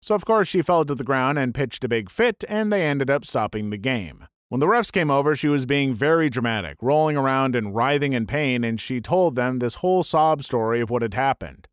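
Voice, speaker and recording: A man narrating online stories aloud in a steady, matter-of-fact read. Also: mid-range voice, fairly quick, few pauses, clean tone, no room sound, studio quality. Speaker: story narrator.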